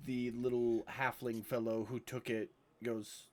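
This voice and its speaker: Game master, man, unhurried narration, casual and easygoing. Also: medium pitch, level tone, darkish tone. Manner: laid-back, with fillers.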